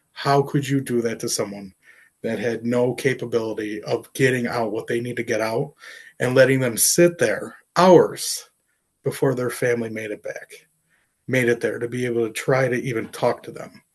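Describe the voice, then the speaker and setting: A middle-aged man speaks in an interview at an ordinary pitch, earnest and openly emotional. He pauses often and fills gaps with fillers as he recounts something painful. His delivery is plain and unscripted. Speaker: artist and professor. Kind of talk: personal storytelling interview.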